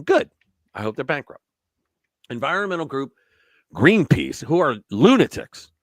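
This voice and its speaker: A man's voice: mid-range voice, a bit bright, no echo, studio quality. A man hosting a casual live-stream commentary show, blunt and profane, laughing at his own jokes. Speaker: host.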